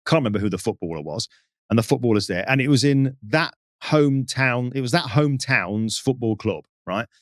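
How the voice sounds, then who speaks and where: A man from the UK, a podcast guest telling animated anecdotes and acting out the people in them. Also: medium pitch, brisk, dry recording, clean studio sound. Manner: lively, acts out the people in his stories.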